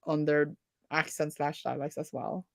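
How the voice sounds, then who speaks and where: A chatty, giggly woman with a Norwegian Bergen accent talks in a casual chat over a video call. Her voice sits a little low, and the sound is close and dry, with no room around it. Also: flat delivery, unhurried, gravelly, no room sound. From Norway. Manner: chatty, giggly, lots of fillers. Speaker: booktuber co-host. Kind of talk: casual chat on a reading stream.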